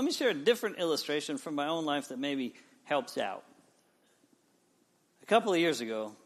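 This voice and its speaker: Animated man preaching a storytelling sermon. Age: 40s. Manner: storytelling with wide swings in pitch and loudness. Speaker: pastor.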